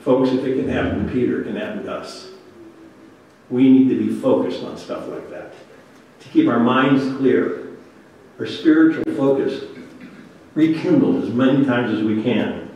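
A man's voice: mid-range voice, normal speed, long pauses, highs cut off, slight background noise. A man preaching a sermon, reading scripture aloud and then commenting on it earnestly. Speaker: pastor. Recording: very echoey room, voice from a distance.

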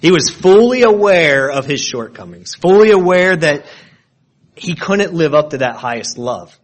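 A man's voice: fairly high pitch, animated, measured pace. A man preaching an expository sermon, explaining word meanings with frequent restarts and repeated words.

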